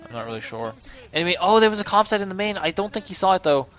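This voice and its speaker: A man giving casual play-by-play commentary on a game as an esports caster. He talks chattily, corrects himself often, and gets loud and excited when the action turns tense. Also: high-pitched, very fast, dull audio.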